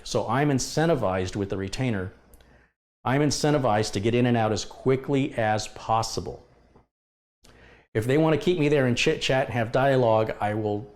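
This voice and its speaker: Talking straight to camera, a middle-aged man who runs a computer repair business vents his frustration about a customer in a candid monologue. His voice is mid-range and a little mellow, and he acts out past exchanges as he complains.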